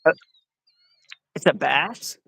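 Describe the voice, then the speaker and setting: A man's voice: slow, bright, forceful tone. A man joining a live fishing stream as a guest, chatting casually and laughing easily.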